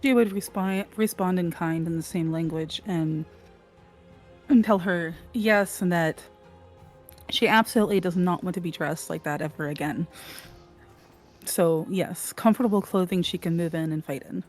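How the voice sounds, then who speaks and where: A woman's voice: lowish voice, moderate pace, darkish tone. A woman in casual play at a tabletop game, narrating her character's actions with small hesitations. Faint music runs underneath. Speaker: player. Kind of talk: playing a tabletop role-playing game.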